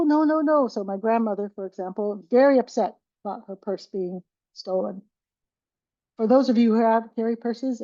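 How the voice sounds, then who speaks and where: A woman's voice: fairly high pitch, mellow, dry recording, muffled recording. A woman giving a conversational presentation to caregivers on dementia care, often restarting her sentences and acting out examples.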